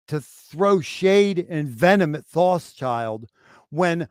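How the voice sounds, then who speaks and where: A man hosting a casual livestream, talking in a profane, animated way and acting out mocking voices. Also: a little high, slow, clear, resonant tone, dry recording, studio quality. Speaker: podcast host.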